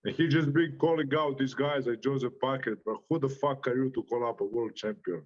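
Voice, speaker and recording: A man's voice: mid-range voice, brisk, darkish tone, highs cut off. Profane Croatian-accented man trash talking. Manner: brash, profane trash talk, laughing often. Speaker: boxer. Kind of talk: interview reaction.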